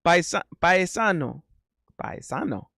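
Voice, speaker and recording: A man's voice: sits high, expressive, unhurried, vocal fry, sharp tone, no echo, clean studio sound. A man streaming live and chatting casually, reading viewer messages aloud, joking, laughing often and repeating himself.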